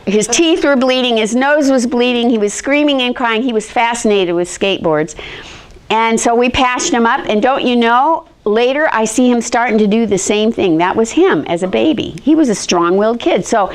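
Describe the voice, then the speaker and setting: A middle-aged woman teaching a history lesson, telling personal stories in an animated way and acting out the quotes. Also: a little high. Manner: animated storyteller, acts out quotes in shifting voices.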